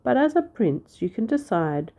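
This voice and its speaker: A woman's voice: fairly high pitch, sing-song, normal speed, warm tone, voice pushed up. A woman voicing the cross, tired townsfolk in a read-aloud storybook, sounding exasperated. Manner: exasperated and breathless. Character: weary, cross crowd of townsfolk.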